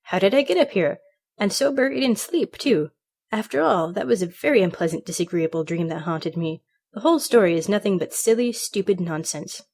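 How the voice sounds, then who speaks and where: A woman's voice: medium pitch, expressive, brisk, a little mellow. A woman voicing a bewildered male copying clerk who exclaims in agitated alarm. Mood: flustered.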